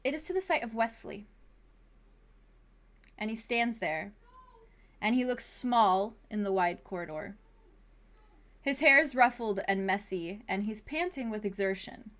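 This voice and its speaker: A woman narrates a tabletop game as its game master, her voice sitting at an ordinary middle pitch. She laughs often and fills her descriptions with ums and likes. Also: animated, measured pace, pauses often, a bit bright.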